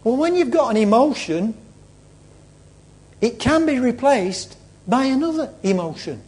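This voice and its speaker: A male preacher retelling a story in a sermon, dramatic, swinging between loud and hushed. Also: extremely high pitch, lively intonation, measured pace.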